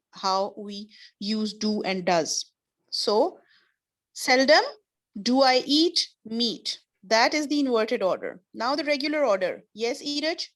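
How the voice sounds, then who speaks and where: A woman teaching an online class, explaining patiently with repeated examples. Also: fairly high pitch. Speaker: English teacher.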